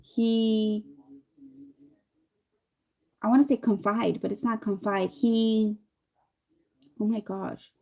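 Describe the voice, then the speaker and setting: This thirty-something vlogger talks slowly, with long pauses, in a medium-pitched voice as she does her makeup. Her casual, rambling story is full of lively impressions of the other people's lines.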